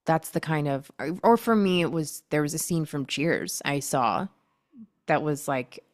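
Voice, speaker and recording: A young woman with a low-pitched voice hosts a relaxed podcast chat. She is talkative and laughs easily. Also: unhurried. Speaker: podcast host. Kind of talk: casual chat.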